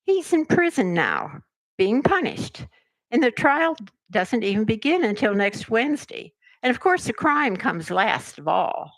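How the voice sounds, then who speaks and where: A dithering old queen with a high, fluttering voice, put on by a woman reading aloud. Her pitch climbs well above the reader's own and swings freely, rising into shrill, wailing cries. The recording is close and dry. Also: big pitch swings, a little slow, no echo, full character voice, low-quality recording. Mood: careless.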